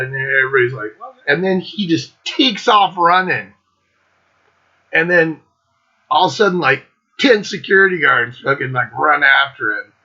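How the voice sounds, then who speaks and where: A man's voice: on the high side, lively intonation, measured pace, bright, forceful tone, dull audio. A middle-aged man hosting his own show, telling a rambling concert story with lots of swearing and laughter. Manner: profane, laughing, loose and rambling. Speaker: host.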